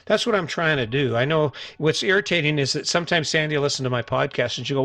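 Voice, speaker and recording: Slightly high and sharp-toned, his voice moves at a quick pace over soft background music. He's a middle-aged man hosting a motivational podcast alone, talking earnestly and casually to his audience with lots of repetition and restarted sentences.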